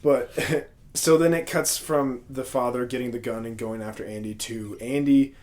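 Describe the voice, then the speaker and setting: A man's voice: mid-range voice, steady tone, normal speed, darkish tone. A man co-hosting a podcast, casually recapping a horror film, laughing often and acting out the characters' lines. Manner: laughs often, acts out scenes in quoted voices. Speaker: podcast co-host. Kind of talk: casual movie recap chat.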